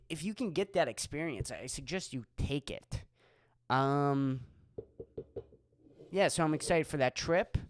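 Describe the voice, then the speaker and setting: A man's voice: medium pitch, no room sound, clean studio sound. A young man from Pennsylvania, a stand-up comic hosting his own podcast, rambling casually with lots of swearing and fillers. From Erie, Pennsylvania. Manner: rambling, profane, filler-heavy. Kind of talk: casual solo podcast monologue.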